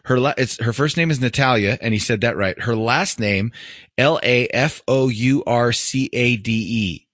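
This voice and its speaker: Bright, profane male podcast storyteller. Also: mid-range voice, normal speed, no echo, clean studio sound. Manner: storytelling, profane, laughs often. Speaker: podcast co-host. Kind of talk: casual podcast chat.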